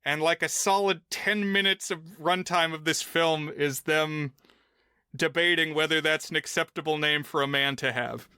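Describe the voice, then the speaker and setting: A man's voice: a little high, fairly even intonation, moderate pace, pushed and bright, clear, resonant tone, no room sound, studio quality. A man co-hosting a film podcast, casually walking through a movie's plot and rules at length. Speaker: podcast co-host.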